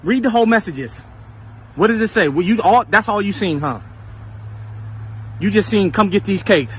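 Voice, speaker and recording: A high-pitched man scolds and teases his partner with heavy sarcasm. Faint background noise and a passing vehicle sit behind his voice. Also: expressive, normal speed. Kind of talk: filmed real-life argument clip.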